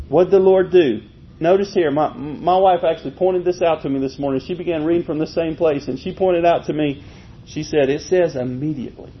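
Male preacher, folksy animated sermon, high voice, muffled lo-fi sound with faint hiss. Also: a little fast. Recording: muffled, low-fi with faint noise.

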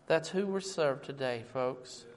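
A man's voice: medium pitch, a little slow. A man preaching a sermon in a church, emphatic and fond of rhetorical questions, calling his listeners folks. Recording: long reverb from a large hall.

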